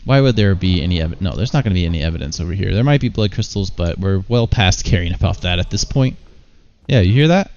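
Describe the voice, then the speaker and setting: A man giving casual let's play commentary, blunt and swearing, thinking out loud. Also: low-pitched, lively intonation, quick pace, highs cut off. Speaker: gamer.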